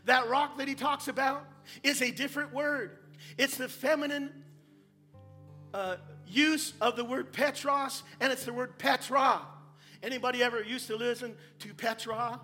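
A man preaching a sermon, swinging between quiet asides and shouted emphasis, with playful jokes and wordplay for the congregation. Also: very high-pitched, fairly even intonation, normal speed, faint music behind.

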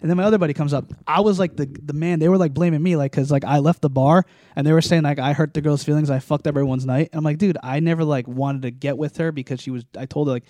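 A man's voice: on the high side, steady tone, fast talker, mellow, no room sound. A young man telling a long story in casual chat, rambling with many likes and restarts.

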